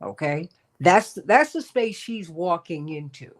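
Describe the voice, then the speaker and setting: Lively woman host, lowish voice. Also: measured pace. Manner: animated storytelling, laughs often, addresses guests by title. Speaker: talk show host. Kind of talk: casual radio talk.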